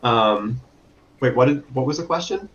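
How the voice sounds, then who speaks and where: A man's voice: medium pitch, lively intonation, normal speed, echoey room, a crowd in the background. A man playing a tabletop game, answering hesitantly with many fillers. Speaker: player. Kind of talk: tabletop game role-play. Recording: dull, muffled mic.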